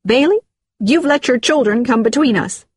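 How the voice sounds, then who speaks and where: A woman voicing an upset, jealous woman who pleads through tears and then turns cold and sharp. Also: mid-range voice, big pitch swings, moderate pace, husky, dry recording, studio quality. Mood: tearful pleading. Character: upset jealous woman, fiancée, shrill and tearful.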